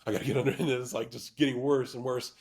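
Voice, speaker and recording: Earnest man with a halting delivery. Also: mid-range voice, level tone, creaky, darkish tone, breathy edge. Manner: halting, full of restarts and fillers; earnest and emotionally open. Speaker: YouTube channel host. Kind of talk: candid personal storytelling.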